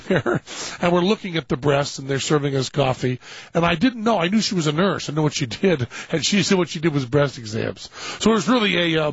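A man hosting a talk show, telling a long comic anecdote in an animated way and acting out other people's lines. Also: a little high, husky, dry recording. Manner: animated storyteller, acting out quoted voices. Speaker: radio show host telling a story. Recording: dull lo-fi dry studio sound.

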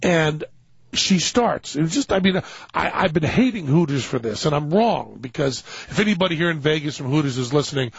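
Man, gravelly husky voice, animated storyteller, dull dry lo-fi sound. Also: a little high, brisk, no echo. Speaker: radio show host telling a story. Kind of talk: casual anecdote on a talk show.

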